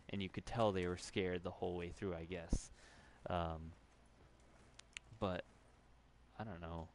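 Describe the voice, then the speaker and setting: A man with a low, deep voice talks through a gaming session in a loose, meandering way. He pauses on ums and uhs, restarts his sentences and swears when he forgets what he meant to say. A faint hiss sits behind his voice. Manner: rambling, many fillers and restarts, swears when losing his train of thought. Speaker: gaming commentator. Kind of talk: casual gameplay commentary.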